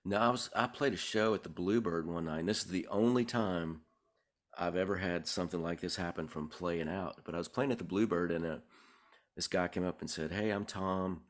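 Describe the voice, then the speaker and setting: Very deep-voiced man telling stories. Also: a little fast. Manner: relaxed, rambling, many fillers and restarts. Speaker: songwriter guest. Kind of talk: conversational interview storytelling.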